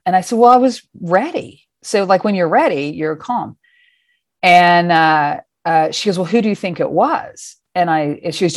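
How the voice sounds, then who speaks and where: A middle-aged woman telling a personal story in a lively, casual way, acting out the scenes and swearing freely. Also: low voice, dry recording, clean studio sound. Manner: animated, acts out voices, swears casually.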